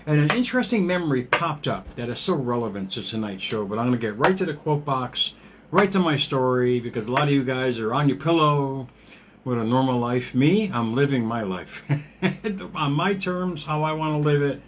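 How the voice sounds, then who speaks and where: A man in his fifties talks through a motivational livestream in a loose, rambling way. He laughs often and swears casually. His voice sits at an ordinary middle pitch, with faint noise behind it. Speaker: motivational podcast host.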